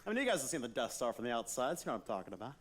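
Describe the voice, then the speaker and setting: An actor playing a goofy, immature Darth Vader who is an over-eager joker, in a comic stage musical. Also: male voice, mid-range voice, big pitch swings, rapid-fire. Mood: eager pitching. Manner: jokey, over-eager, chummy.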